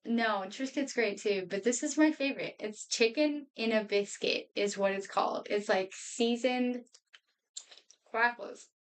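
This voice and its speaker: A woman's voice: a little high, unhurried, distant mic. A woman in her twenties chatting casually to her live stream viewers at home, rambling and laughing often. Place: home room.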